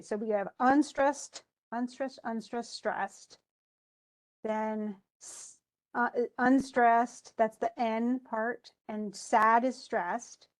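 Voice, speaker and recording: A woman teaching a poetry class speaks at a slow, unhurried pace in a somewhat high voice. She reads verse aloud with care. Then she breaks the lines into stressed and unstressed beats, often stopping and restarting. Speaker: English teacher. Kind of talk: classroom lesson.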